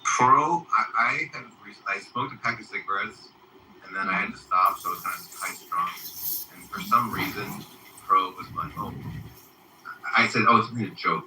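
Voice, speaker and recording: A man's voice: lowish voice, normal speed, pushed and bright, roomy sound, distant mic, a little hiss or hum, low-quality recording. A man hosting an online voice chat room, teasing and mocking others in casual banter.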